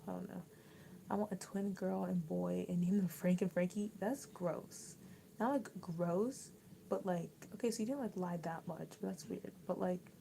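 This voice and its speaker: A woman's voice: mid-range voice, vocal fry, warm tone, a little hiss or hum, low-quality recording. A young woman hosting a casual livestream, chatting and reading out viewer comments in a rambling way, full of likes and restarts. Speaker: livestream host.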